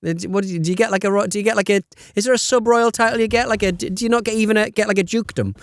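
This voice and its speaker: A man's voice: high-pitched, steady tone, very fast. A man co-hosting a podcast, joking around, laughing often and riffing on absurd examples. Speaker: podcast co-host. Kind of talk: casual chat.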